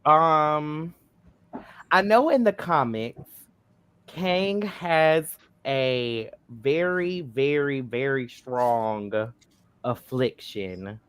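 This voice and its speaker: A man on a casual group chat, explaining at length in a rambling, animated way. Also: mid-range voice, drawn-out words, clean tone. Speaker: panelist.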